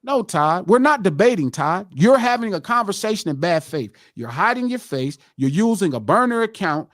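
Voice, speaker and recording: A middle-aged man hosts a live podcast in a heated, profane lecture. His voice sits high and leaps up and down with great animation. The sound is dry and close. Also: very animated, moderate pace, dry recording. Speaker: podcast host.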